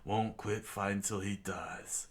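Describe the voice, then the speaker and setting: A man doing a gruff old head chef. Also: lowish voice, fairly even intonation, slow. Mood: thoughtful.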